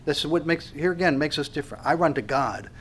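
Earnest higher-voiced male pastor preaching. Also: animated, fast talker, fairly bright tone, a little hiss or hum. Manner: earnest, emphatic, with frequent restarts and repeated words. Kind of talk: expository sermon.

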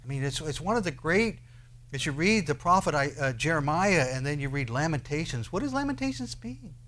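A man preaching a sermon, who swings between loud declarations and quiet asides and asks his listeners many rhetorical questions. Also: a little high, big pitch swings, fairly quick. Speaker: pastor.

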